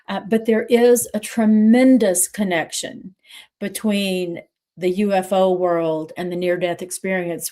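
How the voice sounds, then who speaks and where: A middle-aged woman co-hosting a livestream talks through a personal story in a reflective, heartfelt way. Her voice sits in a middle pitch and she moves between quiet and stronger passages. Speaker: co-host.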